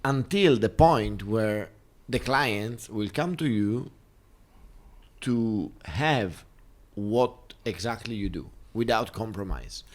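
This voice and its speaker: A man in casual chat, speaking in a measured, thoughtful way with hesitant starts. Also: lowish voice, animated.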